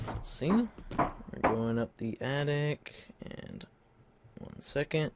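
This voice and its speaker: A man's voice: fairly high pitch, expressive, slow pace, long pauses, heavy background noise. A man hosting a let's play with a slight lisp from a mouth sore, casually reading game text aloud with hesitant, self-correcting, wry asides.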